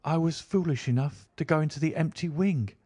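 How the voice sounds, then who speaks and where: A man's voice: a little high, brisk, warm tone, husky, voice pushed up. A man voicing a frightened young woman, a governess, in an anxious, breathless manner.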